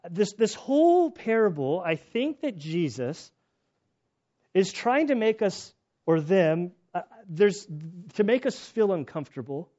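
A man preaching in an animated, storytelling way. His voice sits a little high, he often trips over restarts, and the recording sounds muffled and lo-fi. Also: a little slow. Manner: animated, acts out quoted voices, self-interrupting restarts. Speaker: pastor and chaplain. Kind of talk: sermon with personal storytelling.

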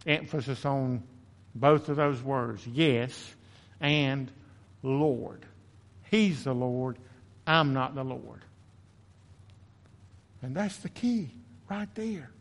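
A man's voice: fairly high pitch, creaky, long reverb tail. A man preaching a sermon as pastor, earnest and self-confessing, often repeating words as he builds emphasis. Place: church sanctuary.

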